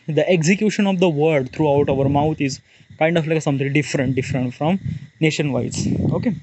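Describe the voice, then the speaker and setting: A man's voice: fairly high pitch, darkish tone, a little hiss or hum. Rambling man with an Indian accent. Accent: Indian, Maharashtra. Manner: rambling, many fillers and restarts. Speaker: vlogger. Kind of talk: casual monologue.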